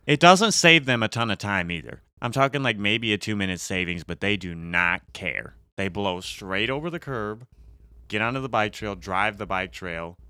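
A man's voice: on the low side, normal speed, sharp tone, clean tone, dry recording. A man co-hosting a podcast in casual chat, laughing often and telling stories about his workplace. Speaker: podcast co-host.

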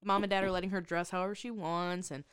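A woman co-hosting a podcast in casual chat, recapping a show with sarcastic, exasperated asides and quick laughs. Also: fairly low pitch, level tone, smooth, no echo, clean studio sound. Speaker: podcast co-host.

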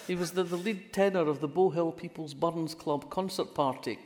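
A woman's voice: deep voice, moderate pace, darkish tone, a little hiss or hum. An older woman from Fife with a Scottish accent, telling wry anecdotes as an interview guest, often restarting her sentences. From Scotland, Fife. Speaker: guest, crime writer. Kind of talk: conversational interview. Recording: long reverberant hall sound.

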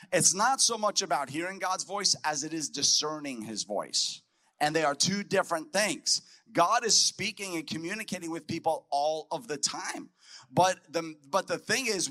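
A man's voice: a little high, pushed and bright. A man preaching a conference sermon, emphatic and repeating his key phrases for the crowd. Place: conference hall.

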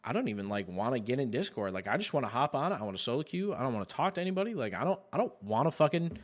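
A man's voice: mid-range voice, racing. A man hosting a podcast, telling a long story in casual chat, rambling and cursing freely with many fillers as he acts out what others said. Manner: rambling and heavy on profanity, with lots of "like" fillers; animated, re-enacts others in quoted asides. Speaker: podcast host.

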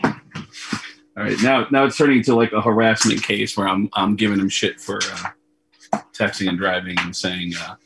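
A middle-aged comedian telling a profane, animated story as a guest over a video call, laughing often. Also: male voice, lowish voice, moderate pace, background noise. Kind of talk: casual storytelling.

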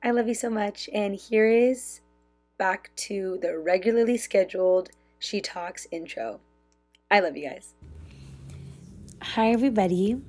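A young woman hosting her own podcast in a bubbly, loud, chatty way, full of "like" fillers, talking into a phone with a clip-on mic as if sending a voice memo. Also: mid-range voice, a little slow, pauses often, soft background music. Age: young adult. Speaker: podcast host. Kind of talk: casual chat, like a voice memo. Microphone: phone with clip-on lav mic.

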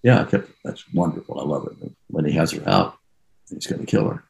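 A man's voice: extremely low pitch, brisk, gravelly, a little mellow, low-quality recording. An older actor being interviewed, telling rambling anecdotes and trailing off as he reminisces.

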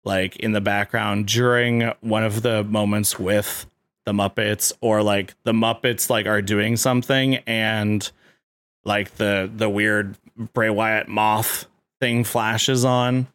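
A man in casual chat, rambling excitedly and leaning on filler words as he talks. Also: fairly low pitch, slow, no room sound.

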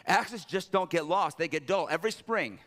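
A male pastor preaching a sermon. He swings between loud, emphatic peaks and low, intimate stretches. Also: expressive, normal speed, big-room sound.

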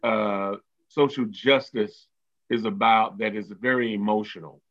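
A man's voice: on the low side, fairly even intonation, a little slow, a bit bright. Earnest man on a muffled line. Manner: earnest, repeats words, many fillers. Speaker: guest. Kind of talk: conversational interview.

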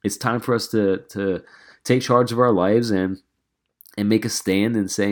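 A man's voice: lowish voice, fairly even intonation, unhurried. Earnest nasal man hosting a podcast. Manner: earnest, passionate, rambling with restarts. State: stuffy nasal voice from a cold. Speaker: podcast host and life coach. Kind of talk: solo podcast monologue.

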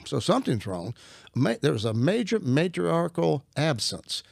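A man's voice: fairly high pitch, sing-song, measured pace, creaky, husky, no room sound, clean studio sound. A middle-aged man, a Christian minister, talking as an interview guest. He tells his stories in an earnest, folksy way and often restarts his sentences. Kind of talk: conversational storytelling.

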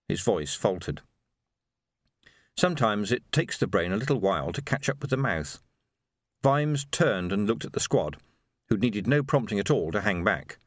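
A man narrating an audiobook in an expressive, animated storytelling manner. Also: on the low side, no room sound, clean studio sound. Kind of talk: scripted narration.

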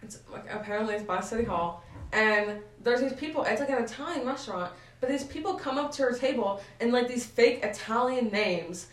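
A woman's voice: a little high, lively intonation, brisk, far from the mic. A teenage girl chatting casually with her siblings, rambling with many likes and restarts and giggling often. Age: teens. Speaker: podcast co-host. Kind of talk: casual chat between siblings. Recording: echoey room, a bit off-mic.

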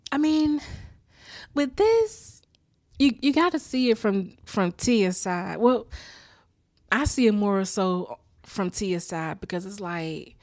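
Woman, casual recap host, lively and laughing, dry close sound. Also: medium pitch, takes it slowly, dry recording. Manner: animated, laughing, acting out character lines. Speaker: show recapper.

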